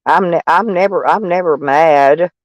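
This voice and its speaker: With a Southern accent, a man from Arkansas runs a casual live stream, reading viewer comments in a rambling, self-mocking way and breaking into laughter. He speaks at a measured pace in a slightly high voice, with no room sound.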